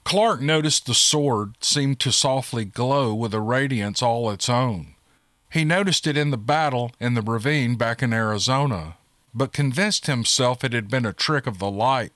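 A man giving steady, scripted narration of a monster-hunting audiobook. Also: medium pitch, moderate pace, no room sound, clean studio sound.

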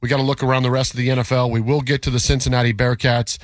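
A man's voice: medium pitch, little pitch movement, very fast, no echo. A man co-hosting sports talk radio, arguing his points emphatically and repeating himself to press them.

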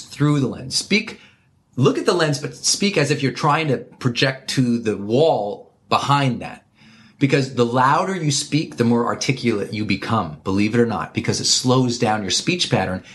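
A man interviewed as a guest, giving emphatic, animated advice and counting off his points one by one. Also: medium pitch. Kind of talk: energetic conversational advice.

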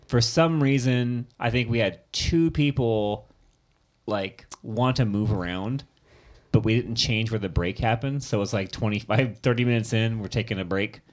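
A man with a somewhat low voice, hosting a podcast in loose, casual conversation. He rambles and fills his sentences with little hesitations as he talks. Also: moderate pace. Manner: rambling, filler-heavy. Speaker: podcast host. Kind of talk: casual chat.

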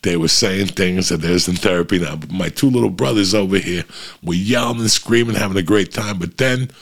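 A man's voice: low voice, fairly quick, vocal fry. A middle-aged man hosting a podcast, telling a long, profane, rambling story in casual chat.

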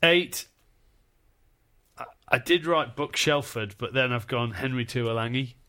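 A man's voice: medium pitch, a little slow, sharp tone. A man in casual podcast banter, running through a list and telling jokey stories with laughs. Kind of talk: casual banter, listing a team.

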